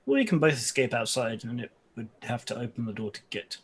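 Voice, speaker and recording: Gravelly, husky man at the game table. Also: mid-range voice, sing-song, a little fast. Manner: hesitant, thinking out loud. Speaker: player. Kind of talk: casual in-character game talk.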